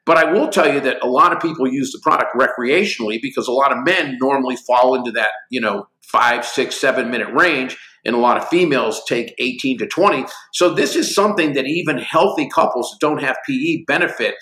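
A man in his sixties tells stories with gusto, playing out both sides of every exchange. His voice is bright and forward, and the sound rings in an echoey room. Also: medium pitch, brisk, few pauses. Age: 60s. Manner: lively anecdotes acting out both sides of conversations. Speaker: guest, company executive. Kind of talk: animated storytelling interview.

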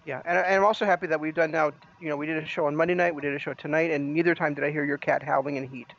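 A man co-hosting a casual podcast, teasing his partner in quick banter. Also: fairly high pitch, steady tone, a bit bright. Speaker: podcast co-host. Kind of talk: casual chat. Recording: dull lo-fi audio.

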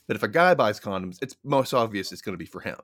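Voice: mid-range voice, animated, fast, fairly bright tone, no room sound. A podcast guest in casual chat, talking loosely with lots of "like" and "you know.".

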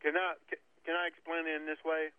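A man's voice: on the high side, completely flat delivery, quick pace, no room sound. A man co-hosting sports talk radio in a laid-back joking way, often tagging lines with "yo". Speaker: radio co-host. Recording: slightly dull lo-fi sound.

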